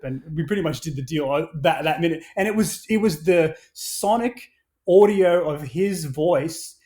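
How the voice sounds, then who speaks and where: A man, a brand founder telling stories as a podcast guest, animated, swearing freely and restarting his sentences. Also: fairly high pitch, brisk. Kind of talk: casual podcast conversation.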